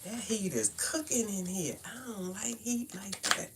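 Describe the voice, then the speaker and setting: A woman's voice: mid-range voice, expressive, unhurried, heavy background noise. An older woman from Brooklyn with a Brooklyn accent, chatting casually to viewers as she reads cards on a live stream at home. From Brooklyn, New York. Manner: chatty, talks straight to viewers with "y'all" and "fam". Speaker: card reader live-streaming. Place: at home, indoors.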